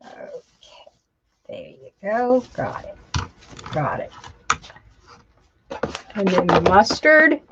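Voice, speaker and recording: Lady doing a craft how-to, slow and easygoing, saying y'all, kinda dull lo-fi sound. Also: medium pitch, very animated, noisy background. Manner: chatty, talks to herself while working, says y'all. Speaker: craft tutorial host. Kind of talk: casual crafting demonstration. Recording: dull lo-fi home video audio.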